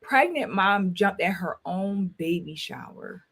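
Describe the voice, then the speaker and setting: A woman's voice: medium pitch, sing-song, measured pace, gravelly, a bit bright, husky. A woman in her thirties hosting a casual livestream, talking emphatically, repeating her phrases and speaking straight to her viewers. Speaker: talk show host and school counselor.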